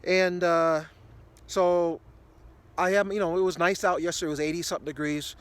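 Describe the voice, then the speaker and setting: A man's voice: high-pitched, steady tone, moderate pace, clean tone. A man in his sixties telling a rambling everyday story to camera, with many fillers and restarts. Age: 60s. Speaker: ministry video host.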